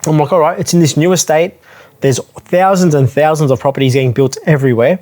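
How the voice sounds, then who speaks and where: A man's voice: fairly high pitch, fairly even intonation, quick pace, a little mellow. A man talks straight to camera in a loose, conversational way. He is frank and unpolished, often restarting and correcting himself mid-sentence as he tells his own story. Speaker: property advisor telling his own story. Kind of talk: casual talking-head storytelling.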